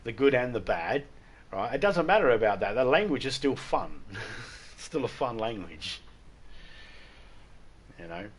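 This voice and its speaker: A man's voice: mid-range voice, sing-song, measured pace, long pauses, slight background noise. An Australian man chatting casually and rambling through jokes while streaming a game. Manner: rambling, joking, irreverent. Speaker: gaming livestreamer. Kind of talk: casual chat while gaming.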